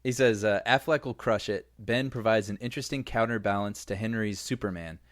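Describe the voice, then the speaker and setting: A man co-hosting a casual movie podcast, agreeable and animated, with frequent yeahs. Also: fairly low pitch, fairly quick, dry recording, clean studio sound. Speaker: podcast co-host. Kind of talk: casual chat.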